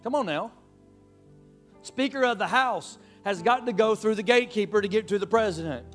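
High-voiced preacher. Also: male voice, moderate pace, soft background music. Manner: preacher calling out to the congregation, playful asides. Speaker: pastor. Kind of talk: sermon.

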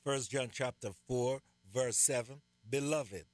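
A man's voice: medium pitch, slow, dry recording. A man teaching from the Bible, emphatic and repeating key words for stress. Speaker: co-host.

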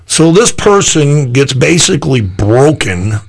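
A man's voice: measured pace, creaky, breathy edge. A man who is a pastor, telling a personal story in a loose, rambling conversational interview. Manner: animated storyteller, jumps higher when voicing his own thoughts; loose, rambling delivery with restarts.

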